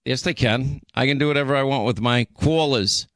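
A man's voice: mid-range voice, a bit bright, dry recording, studio quality. A man hosting a talk radio show, bantering and teasing his co-host before moving into a scripted read. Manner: playful, teasing, quick back-and-forth.

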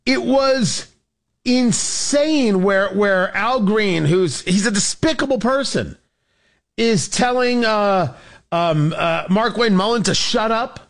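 A man's voice: high voice, animated, slow pace. A man hosting a talk radio show, giving opinionated political commentary in an emphatic way and repeating words for effect.

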